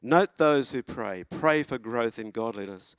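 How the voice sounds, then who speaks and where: A man, preaching a sermon from a church lectern in an earnest, encouraging way, pausing and restarting as he goes. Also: mid-range voice, expressive, dry recording, clean studio sound. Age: 70s.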